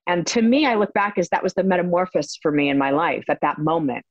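A woman telling stories as an interview guest, animated and laughing often, with many fillers. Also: fairly low pitch, fast talker, no echo, lo-fi sound. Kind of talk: casual storytelling interview.

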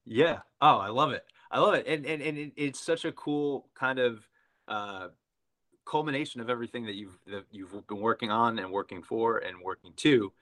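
A man's voice: medium pitch, normal speed, a bit bright. A man hosting an interview, enthusiastic, with stumbling restarts as he asks his questions. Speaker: podcast host.

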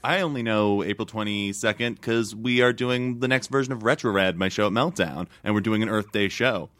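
A man's voice: fairly low pitch, fairly bright tone, no room sound. A man co-hosting a podcast, joking wryly while reading out listener plugs. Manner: wry, quick with jokes. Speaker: podcast co-host. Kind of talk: casual podcast banter.

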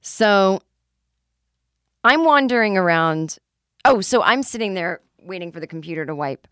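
A woman's voice: mid-range voice, animated, measured pace, a bit bright, no room sound, clean studio sound. A woman comedian hosting her podcast, telling a rambling, self-deprecating story and swearing casually. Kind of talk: comic storytelling monologue.

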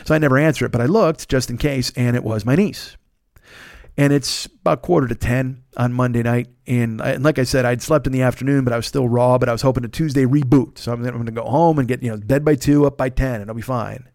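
A man's voice: mid-range voice, fairly even intonation, quick pace, vocal fry, darkish tone, no room sound, studio quality. A middle-aged man hosting a podcast, telling a long rambling story in a casual, profane, self-deprecating way while worn out from being sick. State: worn out and recovering from illness. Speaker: podcast host.

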